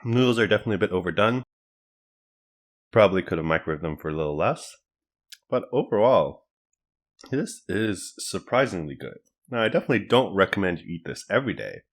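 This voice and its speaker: A man's voice: deep voice, a little fast. A man casually reviewing snack food to camera, chatting and thinking aloud as he cooks and tastes. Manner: relaxed, chatty, thinks aloud while cooking and tasting.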